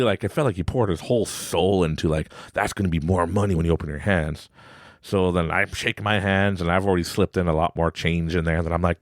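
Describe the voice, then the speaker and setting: Speaking a little fast, this thirty-something Canadian man hosts a podcast and shares a family anecdote in a relaxed, lively way. He giggles and puts on a high voice to play his son, with no room sound in the studio-quality audio.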